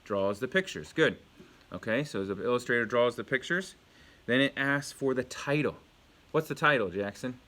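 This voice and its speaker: A man's voice: mid-range voice, normal speed, pushed and bright. A male elementary school teacher giving a home video lesson to young pupils, patiently asking questions and praising the answers.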